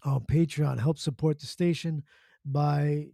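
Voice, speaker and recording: Gravelly playful radio host. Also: male voice, on the high side, moderate pace, no room sound, studio quality. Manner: playful, repeats nicknames. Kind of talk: casual radio show talk.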